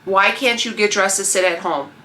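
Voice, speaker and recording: Bright-voiced woman in her 30s doing a pep talk vlog, animated, kinda preachy, talking right at you. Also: medium pitch, moderate pace. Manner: animated, preachy, speaks directly to the viewer. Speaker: lifestyle vlogger. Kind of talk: motivational vlog talk to camera.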